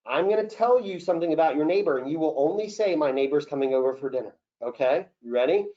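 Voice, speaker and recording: A man running an acting Q&A as a casting director, coaching actors in an animated way and acting out example lines. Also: on the high side, quick pace. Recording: dull lo-fi session recording.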